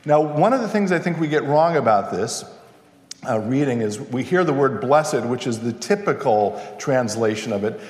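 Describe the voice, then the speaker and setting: A man preaching a sermon as pastor, in a relaxed, chatty way with asides and questions to the congregation. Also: mid-range voice, moderate pace. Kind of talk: conversational sermon. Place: church sanctuary. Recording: echoey church with long reverb.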